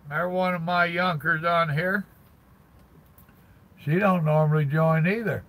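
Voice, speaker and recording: Folksy older man, gravelly. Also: on the high side, fairly even intonation, unhurried, long pauses, fairly bright tone, poor audio. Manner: folksy, drawling, greets chat by name. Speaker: truck driver live-streamer. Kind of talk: casual live stream chat with viewers. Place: parked truck cab.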